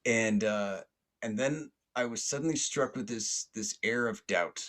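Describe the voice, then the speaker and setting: A man's voice: lowish voice, a little slow, fairly bright tone. A man hosting a podcast, telling a long story in a casual, rambling way, with many fillers and restarts and plenty of swearing. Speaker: podcast host.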